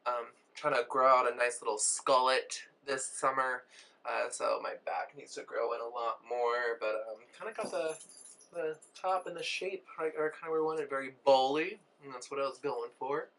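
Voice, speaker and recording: A man with a hoarse voice, recovering from laryngitis, chatting casually through a get-ready-with-me beauty vlog, full of rambling asides and fillers. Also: mid-range voice, moderate pace, bright, forceful tone, poor audio. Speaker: beauty vlogger and cosmetologist.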